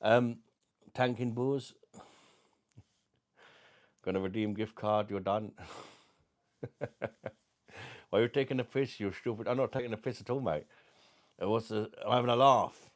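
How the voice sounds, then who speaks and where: A man's voice: lowish voice, unhurried, pauses often. A man hosting a casual livestream beer review, chatty and jokey as he greets viewers by name.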